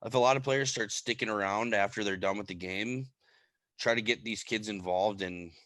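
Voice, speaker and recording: A young man with a Wisconsin accent and a low voice hosts a casual podcast. His sentences run loose and easygoing. The sound is dry and close. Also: fairly even intonation, moderate pace, fairly bright tone, dry recording. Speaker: podcast co-host. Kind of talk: casual interview chat.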